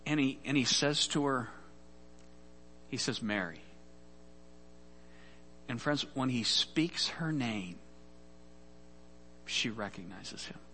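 A man's voice: mid-range voice, animated, measured pace, pushed and bright, big-room sound, slight background noise. A man preaching a sermon, telling a scripture story earnestly and often repeating words as he goes. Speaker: pastor.

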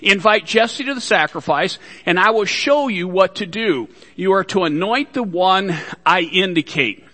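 A man's voice: high voice, lively intonation, a little slow, hardly any pauses, sharp tone, in a large hall. A man preaching a sermon to his congregation, folksy, with joking asides. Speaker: pastor.

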